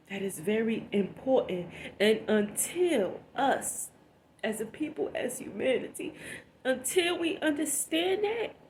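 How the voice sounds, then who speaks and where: A woman's voice: fairly high pitch, darkish tone, slight background noise. A woman vlogger, talking through tears in an emotional, preachy commentary, repeating herself for emphasis. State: tearful, sniffly.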